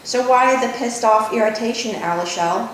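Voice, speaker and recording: A dry, gently joking father of middle age, read by a woman at a book launch. He teases kindly and speaks plainly. A faint rumble sits under the echoey room sound. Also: normal speed, distant mic, close to an everyday voice. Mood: dry teasing. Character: gruff loving middle-aged father, gently teasing. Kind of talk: author reading a novel aloud.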